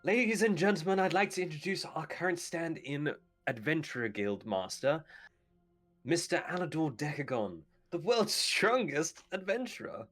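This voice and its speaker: A man's voice: on the high side, lively intonation, moderate pace, fairly bright tone, soft background music, voice pushed up. A man voicing a formal female announcer who introduces a guest at a guild hall during a tabletop game. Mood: announcing.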